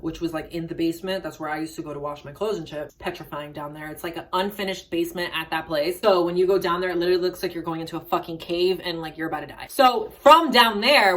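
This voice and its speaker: A twenty-five-year-old woman telling a story in a casual vlog, in a profane, dramatic, chatty way. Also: on the low side. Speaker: vlogger. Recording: voice somewhat distant from mic.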